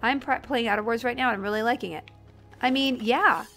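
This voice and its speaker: Streamer, woman, excitable and chatty, fairly high voice, game music faintly underneath. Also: brisk. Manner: excitable, chatty, self-deprecating. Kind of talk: live gameplay commentary.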